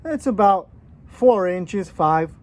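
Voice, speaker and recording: A man's voice: sits high, animated, slow pace. A man in his thirties, joking casually with a put-on Australian accent while giving a hands-on gardening how-to outdoors. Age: 30s. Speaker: gardening vlogger.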